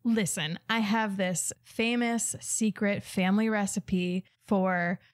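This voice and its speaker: A woman's voice: medium pitch, fairly even intonation, slow. A woman guest comedian delivering an exasperated, incredulous comic rant.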